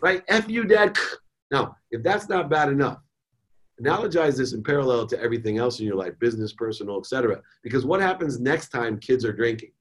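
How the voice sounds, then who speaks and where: A man's voice: medium pitch, expressive, quick pace. Emphatic motivational man telling a story. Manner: emphatic, preacher-like, swings between soft and forceful. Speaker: guest, entrepreneur and speaker.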